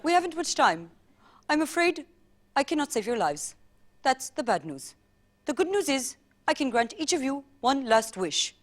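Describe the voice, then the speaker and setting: A woman voicing a calm, courteous male magic goldfish who speaks with a slight foreign accent. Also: high voice. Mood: polite. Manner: measured, courteous.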